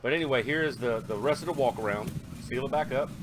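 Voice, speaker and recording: A man's voice: medium pitch, quick pace, noisy background. A man, talking casually and rambling in a hobby video, with fillers and self-corrections. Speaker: car audio hobbyist vlogger. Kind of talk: casual vlog narration.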